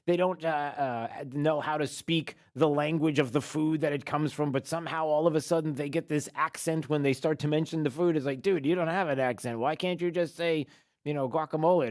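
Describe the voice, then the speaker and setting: A man hosting a talk radio show, talking in a sarcastic, animated way. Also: fairly high pitch, a little fast.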